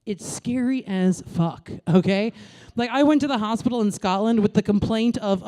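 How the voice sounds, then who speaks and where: Her mid-range voice moves at a normal speed as she delivers crude, brash stand-up into a stage microphone. The comedian, in her thirties, originally hails from New York, and her punchlines come out animated.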